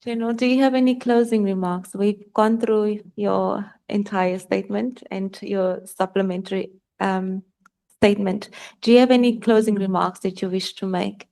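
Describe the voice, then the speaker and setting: A woman questions a witness in a soft, formal tone. Her voice is gravelly and dark, and it stays flat and level. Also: medium pitch, normal speed. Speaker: evidence leader.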